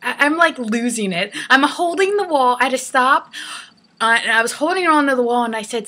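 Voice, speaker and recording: A young woman recounts a road-trip mishap in a chatty vlog, with a bright, forceful voice that sits a little high. She tells it in an animated way and laughs easily along the way. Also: brisk. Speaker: hairstylist telling a travel story. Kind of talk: casual storytelling vlog.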